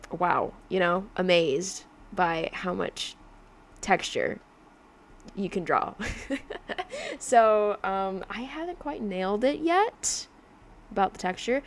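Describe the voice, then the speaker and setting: A woman's voice: medium pitch, expressive, slow, long pauses. A young woman livestreaming her digital drawing, chatting casually and rambling with lots of fillers and laughs, her accent drifting in a mix of mimicked accents.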